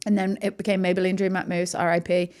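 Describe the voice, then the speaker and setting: A woman's voice: on the low side, fast talker, smooth. A woman in her thirties from northern England, with an English accent tinged by an American twang, telling stories animatedly as a podcast guest. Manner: animated, laughing storyteller. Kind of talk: casual chat.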